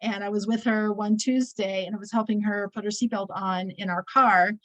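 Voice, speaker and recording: Woman, 60s, relaxed class teacher, chatty storyteller, fillers and restarts, pitch in the middle. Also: normal speed, low-quality recording. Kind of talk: casual weekly scripture class.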